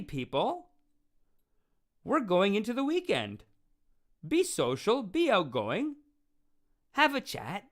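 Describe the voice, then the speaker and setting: A young man hosting a casual call-in show, rambling and animated, often restarting his sentences and acting out quotes. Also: high-pitched. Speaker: show host and self-styled spiritual teacher. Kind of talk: casual livestream call-in talk.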